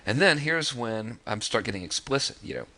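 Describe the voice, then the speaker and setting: In a sharp, mid-range voice with lively intonation and a moderate pace, this man in his thirties teaches marketing copy informally. Going through sales letters, he uses fillers and restarts and performs the quoted lines.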